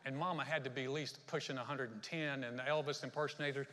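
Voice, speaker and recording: A male pastor with a mid-range, fairly even voice preaches quickly, sounding pushed and bright in a large hall. In a church sermon, he tells folksy stories and acts out quotes.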